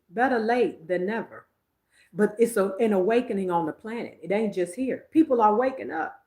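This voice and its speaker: A woman's voice: fairly high pitch, a bit bright, reverberant. A woman, hosting a psychic livestream in casual, emphatic chat, laughing often. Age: 50s.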